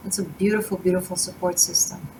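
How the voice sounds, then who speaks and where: A tarot reader with a slightly low voice talks in a gushing, wandering way, often breaking off and restarting her sentences. A faint noise sits behind her voice. She speaks casually and warmly, straight to her viewers. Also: little pitch movement, fast, poor audio. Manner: gushing, rambling with many restarts and fillers. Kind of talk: casual spiritual reading to camera.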